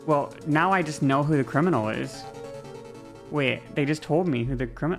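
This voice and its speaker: A woman streamer chatting through a game with wry, self-mocking remarks. Her voice is low and gravelly, and she speaks unhurriedly. Faint music plays under her. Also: normal speed. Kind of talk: casual let's-play commentary.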